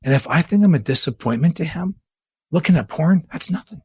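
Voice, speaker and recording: A man's voice: a little high, fairly quick, breathy edge, no room sound. Earnest man telling a story, dry sound. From Bay Area, California. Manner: earnest, animated, poses rhetorical questions. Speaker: interview guest, church leader. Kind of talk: conversational storytelling.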